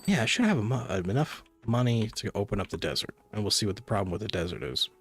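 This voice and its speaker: Husky and fairly low, this man's voice has a sing-song quality and he talks fast. Soft music plays behind him as he streams a cozy game, chatting and rambling casually to his chat.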